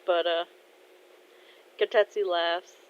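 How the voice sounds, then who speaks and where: A woman's voice: fairly low pitch, fairly even intonation, takes it slowly, clean tone, muffled recording. A woman casually telling a story she made up, in a chatty, informal way. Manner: chatty, informal, laughs at herself.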